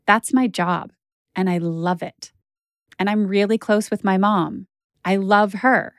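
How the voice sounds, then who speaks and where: A woman's voice: medium pitch, fairly even intonation, slow, no echo, clean studio sound. A woman journalist telling a personal story as a podcast narrator, candid and conversational with frequent "like" fillers.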